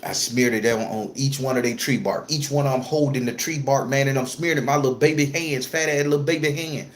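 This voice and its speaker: A man's voice: mid-range voice, fairly quick, slight background noise. A man telling a personal story to camera in a casual, profane way, repeating phrases for emphasis. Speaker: spiritual content creator.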